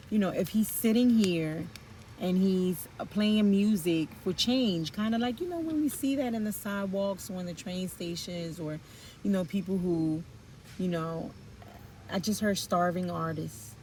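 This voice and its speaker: A woman gives an intuitive tarot reading, musing aloud in informal slang with rambling asides and fillers. Her voice is medium-pitched and warm, and she takes her time. A little hiss or hum sits under the recording.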